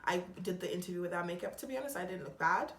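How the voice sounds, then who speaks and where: A young woman vlogging about her own experience, chatty and a bit dramatic, acting out what people said to her. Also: fairly low pitch. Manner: chatty, dramatic, quick retellings with lively quoted voices. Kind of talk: personal storytelling vlog. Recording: roomy echo with faint background hum.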